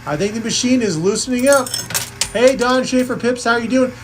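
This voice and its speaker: Over a noisy background, a woman with a fairly high voice does play-by-play for a live coin-pusher game at a moderate pace. She keeps things playful and jokey while counting up the totals.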